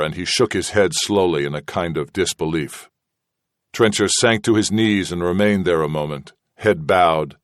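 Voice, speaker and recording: A man reading an audiobook narration in a steady, measured way. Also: low voice, dry recording, studio quality. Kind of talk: scripted narration.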